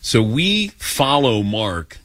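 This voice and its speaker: A man's voice: medium pitch, slow, no echo. A man hosting a sports call-in radio show, telling stories and acting out the people he quotes. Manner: animated storyteller, acts out quoted voices. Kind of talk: casual call-in radio chat.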